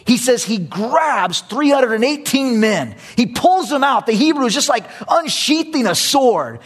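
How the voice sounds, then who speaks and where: A man preaching a sermon, telling a story with animated energy and repeating phrases for emphasis. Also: extremely high pitch, measured pace, slightly rough.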